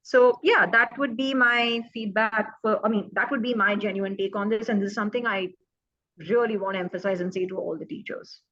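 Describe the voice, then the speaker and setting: A woman's voice: medium pitch, steady tone, a little fast, a bit bright, no echo, dull audio. A woman child psychologist giving earnest, emphatic advice in a panel talk, repeating her key points.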